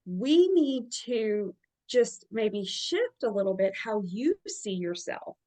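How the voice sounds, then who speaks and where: A woman with a Southern Alabama accent, a therapist giving encouraging advice on a video call and repeating her points with emphasis. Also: medium pitch. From Alabama, USA. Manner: warm encouraging, emphatic repetitions. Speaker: therapist hosting a group session.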